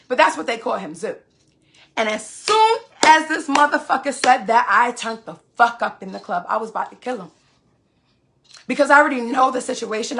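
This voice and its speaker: A live streamer in her 20s from Queens, New York, tells a story on a phone livestream in a profane, emphatic way. Her voice is a little high, gravelly, pushed and bright.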